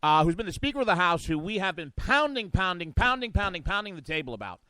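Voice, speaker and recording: Animated high-voiced mocking male co-host. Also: fast talker, no echo, poor audio. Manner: theatrical, mocking, puts on silly voices. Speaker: talk show co-host. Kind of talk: animated political comedy chat.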